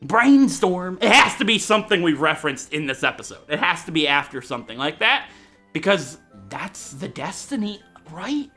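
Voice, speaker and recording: A man commentating a video game from home with a bright, forceful voice that keeps jumping into excited shouting. He jokes with his viewers between outbursts while faint game music plays underneath. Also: fairly high pitch, moderate pace. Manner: loud, jokey, swings into shouting. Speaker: Let's Play host.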